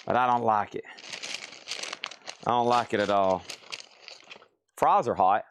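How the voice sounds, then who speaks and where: A man's voice: fairly low pitch, measured pace, noisy background. A man hosting a live record sale, chatting casually and joking while he eats. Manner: laid-back, chatty, joking while eating. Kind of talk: casual live-stream chat.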